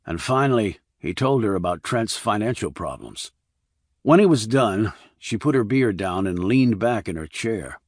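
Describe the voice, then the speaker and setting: A man narrating a thriller audiobook in a steady, even reading. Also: on the low side, moderate pace, no echo, clean studio sound.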